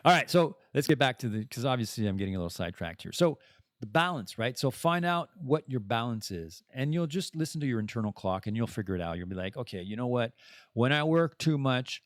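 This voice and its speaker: A man's voice: mid-range voice, dry recording, clean studio sound. A man hosting his own podcast, talking casually in a rambling, self-interrupting way with playful asides. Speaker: podcast host. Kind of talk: casual solo podcast monologue.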